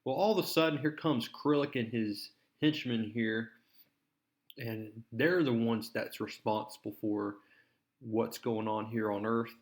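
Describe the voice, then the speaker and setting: A man casually retelling a comic book story, relaxed and full of fillers. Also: medium pitch, measured pace.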